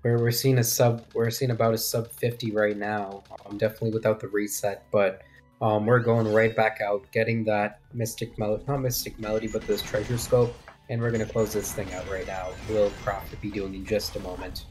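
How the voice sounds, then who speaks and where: A low-pitched man calls a live speedrun match over soft music. He rambles and thinks aloud, often turning to his co-host for a nod. It sounds like a headset mic on a live stream. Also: flat delivery, a little fast. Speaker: commentator.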